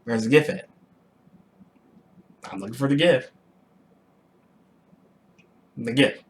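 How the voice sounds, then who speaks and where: A young adult man casually recounting a personal story to the camera, animated, with frequent restarts and throat clearing. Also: medium pitch, slow pace, pauses often. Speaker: vlogger telling a personal story.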